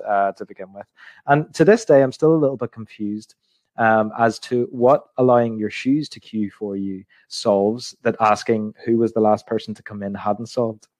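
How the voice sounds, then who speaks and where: Low-voiced man giving a reflective training talk. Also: a little mellow, no room sound. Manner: thoughtful, frequent ums, restates points. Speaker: intercultural communication trainer. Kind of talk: reflective teaching talk to an online group.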